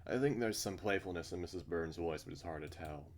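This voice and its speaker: A man's voice: sits low, a little fast, few pauses. A man reading a visual novel aloud, breaking off for blunt, sweary asides. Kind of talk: reading a story aloud with casual commentary.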